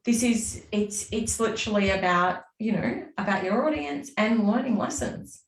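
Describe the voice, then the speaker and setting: A woman chatting as an interview guest, animated and acting out her own inner voice. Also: medium pitch, normal speed, a little hiss or hum. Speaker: guest, business mentor. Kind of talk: casual interview chat. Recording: roomy sound from a distance off the mic.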